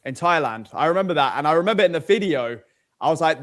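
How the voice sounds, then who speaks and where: A young British man talks casually in a high, lively voice that leaps around a lot. He is animated and swears freely, laughing between points as he co-hosts a chat. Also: quick pace. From United Kingdom. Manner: animated, profane, laughing often. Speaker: co-host.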